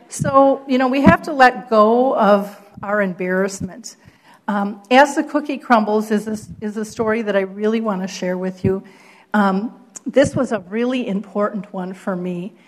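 Animated woman telling a story. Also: mid-range voice. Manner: animated storyteller, acts out quotes, laughs often. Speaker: keynote speaker. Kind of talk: storytelling keynote.

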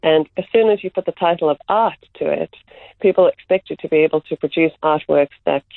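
Interview guest: woman, art facilitator, thoughtful and deliberate, tinny phone-line sound, dry. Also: low voice, creaky, no echo. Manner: measured, slows down on key words. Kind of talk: reflective interview answers.

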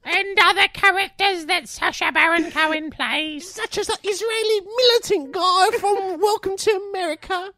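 A man putting on a shrill, exaggerated Cockney voice as a rowdy, silly young man, squeaky and shouting. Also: normal speed, pauses often, dry recording, clean studio sound. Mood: manic, mocking. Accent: mock Cockney. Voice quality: squeaky falsetto, shouting and cackling.

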